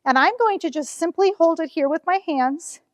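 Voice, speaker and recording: A woman's voice: very high voice, normal speed, no room sound, studio quality, big-room sound. A woman, demonstrating a quilting ruler at her shop in a friendly, chatty way with frequent fillers. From Nebraska, US. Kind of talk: casual how-to demonstration. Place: quilt shop cutting table.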